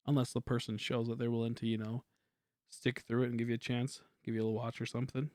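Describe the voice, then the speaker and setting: A young man chatting casually on a game stream, quiet and rambling, humming between thoughts. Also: medium pitch, flat delivery, fast talker, dry recording, clean studio sound. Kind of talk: casual livestream chat while gaming.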